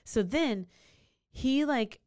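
On a podcast she co-hosts, a woman tells a true crime story in casual chat, animatedly acting out the lines of the people involved. Her voice is high, clear and resonant, and she speaks extremely slowly.

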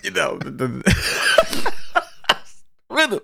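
A man hosting a podcast, telling a story in a casual, animated, profane way. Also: high-pitched, extremely slow, creaky, slight background noise. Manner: animated, profane, laughs through his story. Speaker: podcast host.

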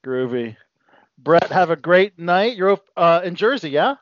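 A man's voice: a little high, lively intonation, unhurried, no echo, dull audio. A man hosting an interview, enthusiastic and full of exclamations. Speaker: host.

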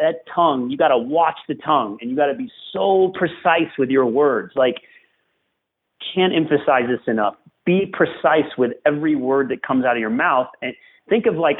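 A man's voice: on the high side, normal speed, husky. A man hosting a podcast conversation, talking like a coach and driving his points home by repeating them. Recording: tinny phone-like line.

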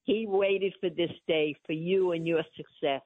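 A woman's voice: lowish voice, fairly even intonation, measured pace, no room sound. An older woman, calling into a radio show, talking in an effusive, emphatic and doting way. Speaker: guest, host's mother. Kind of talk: casual phone-in chat. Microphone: phone. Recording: tinny phone line.

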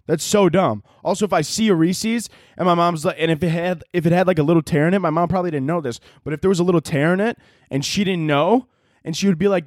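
A man's voice: high voice, quick pace, dry recording, studio quality. A young man hosting a solo podcast, telling rambling, profane stories with frequent laughter and sometimes out of breath. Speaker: podcast host.

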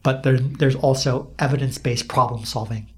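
A man talking in a relaxed, reflective way on a podcast. He laughs easily and swears casually. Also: mid-range voice, moderate pace, husky.

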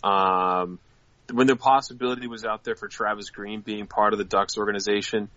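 A man with a low but bright, forceful voice co-hosts a casual fan podcast and states his opinions firmly. His mic sounds dry and a bit dull, like a cheap lo-fi setup. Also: steady tone, normal speed, dry recording. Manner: opinionated, reads viewer chat questions aloud. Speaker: co-host of a hockey fan show.

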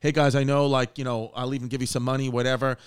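A man acting out a weary young father who pleads softly and politely. his smooth voice sounds close and dry. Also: medium pitch, little pitch movement, quick pace, no room sound, natural voice. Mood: pleading.

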